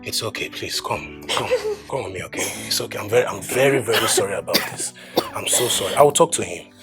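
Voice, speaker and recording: A man's voice: lowish voice, fast, lightly acted. An actor with a Nigerian accent playing a young man who pleads and reassures in a film drama, with music underneath. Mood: pleading. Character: soothing young Nigerian man, caring son.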